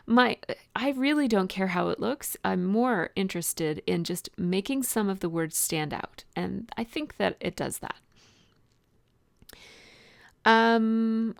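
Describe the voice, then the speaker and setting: Gravelly-voiced woman chatting through her craft. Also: fairly low pitch, no room sound. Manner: chatty, rambling with frequent ums and restarts. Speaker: art journaling vlogger. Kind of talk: casual voice-over tutorial.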